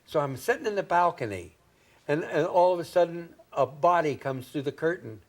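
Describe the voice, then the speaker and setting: A man's voice: fairly high pitch, expressive, normal speed. A man in his seventies from Indiana, a comedian telling folksy stories in an interview, chuckling and adding "see?" as he goes. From Indiana, USA. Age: 70s. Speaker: comedian guest. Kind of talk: anecdotal storytelling in an interview.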